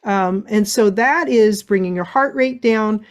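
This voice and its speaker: A middle-aged woman giving a motivational webinar talk, telling a story in an animated way. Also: medium pitch, measured pace. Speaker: speaker.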